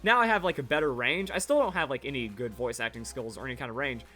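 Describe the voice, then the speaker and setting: A man's voice: medium pitch, lively intonation, quick pace, pushed and bright, soft background music. A man in his twenties chatting casually over his old videos, rambling and repeating himself with verbal tics. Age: 20s. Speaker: Pokemon YouTuber.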